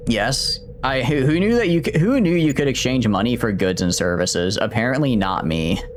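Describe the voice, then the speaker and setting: A man's voice: medium pitch, animated, normal speed, a little hiss or hum. A man streaming a game, chatting casually and thinking aloud in a rambling way with lots of fillers. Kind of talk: casual gameplay commentary.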